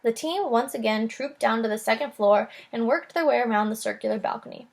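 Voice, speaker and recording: A woman teacher reading a children's chapter book aloud in a calm, clear way. Her voice sits slightly high, with a noticeable creaky fry. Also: fairly quick.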